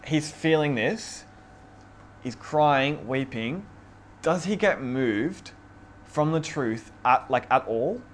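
A man leading an informal Bible study, teaching in a relaxed, chatty way with many fillers. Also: medium pitch, slow pace, slight background noise. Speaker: youth group or Bible study leader. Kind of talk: casual conversational teaching on scripture.

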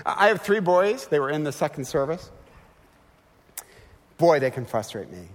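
A middle-aged man delivers a sermon with a lively, swinging delivery in a fairly high voice, pressing his points with rhetorical questions. His words carry a long reverb from a large church sanctuary. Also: normal speed. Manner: animated and emphatic, with rhetorical questions. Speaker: guest preacher.

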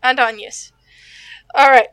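A woman chats as a player in a tabletop game, sleepy yet playful. Her voice is high, and the sound is dry and close. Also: steady tone, slow, a bit bright, no echo. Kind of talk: casual chat at a tabletop game.

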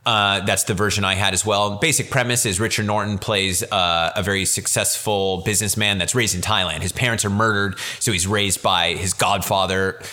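A man's voice: lowish voice, steady tone, moderate pace, hardly any pauses, bright, forceful tone. A man hosting a podcast, chatting casually and enthusiastically about old films, rambling and correcting himself as he goes. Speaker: podcast host. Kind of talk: casual film chat.

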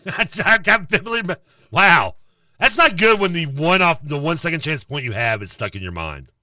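Male radio co-host, bright sharp tone, lively rants, a bit off-mic. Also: fairly high pitch, moderate pace, no echo, clean studio sound, recorded from a distance. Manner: animated, ranting. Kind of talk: casual sports talk.

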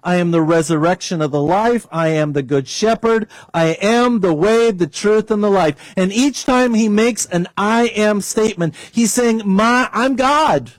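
A man's voice: normal speed, hardly any pauses, dry recording. A man preaching a sermon as pastor, leading a prayer and telling a story to his congregation. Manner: storytelling, prays aloud, varies pitch for emphasis.

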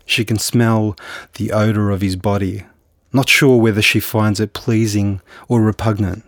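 Halting, low-voiced novelist in interview. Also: male voice, fairly even intonation, no room sound, studio quality. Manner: hesitant, halting with restarts and fillers. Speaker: novelist guest. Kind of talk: conversational interview and book reading.

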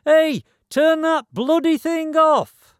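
A man voicing an angry older woman neighbour yelling across the road. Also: sits high, slow pace, dry recording, studio quality, pitched above the performer's own voice. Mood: scolding. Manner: shouting, scolding.

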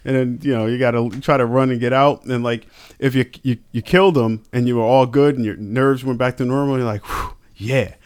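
A man in a casual podcast chat, telling stories in an animated way and swearing casually. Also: medium pitch, brisk, clean tone.

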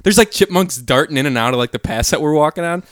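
A young man in his twenties co-hosting a casual podcast chat, telling stories with lively swings into loud put-on voices. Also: fairly high pitch, fast talker, dry recording, studio quality. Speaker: podcast co-host.

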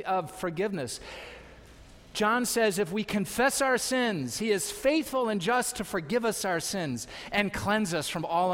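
A man's voice: sits high, fairly bright tone, in a large hall. A man preaching a sermon as pastor, exhorting his congregation with repeated calls to trust and obey. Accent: American. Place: church sanctuary.

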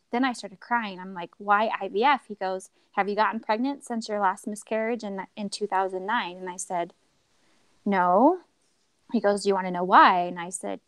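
A woman guest telling a personal story in a lively way, acting out what others said to her. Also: mid-range voice, smooth, no room sound. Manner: animated, acts out quoted voices. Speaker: podcast guest.

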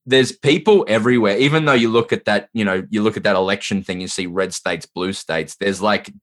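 A man's voice: on the low side, brisk, fairly bright tone. An Australian man, a comedian guest on a podcast, explaining things in an easygoing, thoughtful way. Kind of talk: casual chat.

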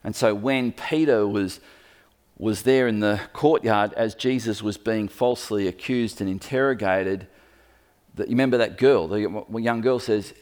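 A man preaching a sermon in a lively storytelling manner, speaking to the room as he points at a map. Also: on the low side, a little slow. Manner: lively storytelling, acts out quoted voices.

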